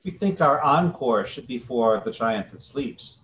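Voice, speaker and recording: A man, a player in a tabletop game, answering calmly in character. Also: medium pitch, a little slow. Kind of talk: casual in-character play. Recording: dull lo-fi mic.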